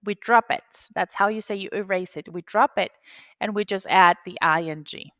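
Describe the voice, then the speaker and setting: A woman's voice: mid-range voice, moderate pace, bright, forceful tone, no echo. A woman whose first language is Spanish, patiently explaining an English grammar rule step by step, repeating key points. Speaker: English teacher. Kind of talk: grammar lesson.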